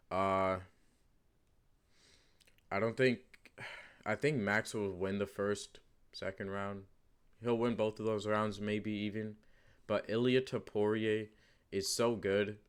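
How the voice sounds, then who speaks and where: A man's voice: on the low side, steady tone, unhurried, pauses often, clean tone. A man talking casually to camera as the host of his own channel. He rambles through his predictions with lots of fillers, restarts and emphatic repeats. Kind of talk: casual unscripted commentary.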